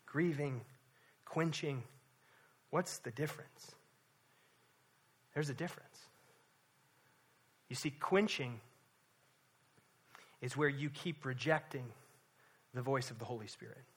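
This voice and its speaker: At a church service, a male pastor delivers an impassioned sermon, moving between hushed tones and loud emphasis and repeating words for weight. His voice is medium-pitched and slightly rough, slow-paced with frequent pauses.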